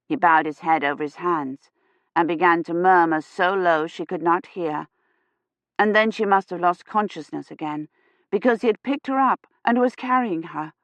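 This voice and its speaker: A woman reading a science fiction novel aloud in a measured, steady narration. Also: fairly low pitch, no echo, highs cut off. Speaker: audiobook narrator. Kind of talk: scripted narration.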